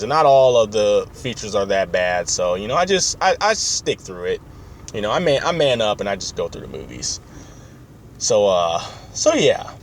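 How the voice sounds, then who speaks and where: A man's voice: mid-range voice, slight background noise. A man hosting a podcast in casual chat, rambling and opinionated with many fillers. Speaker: podcast host.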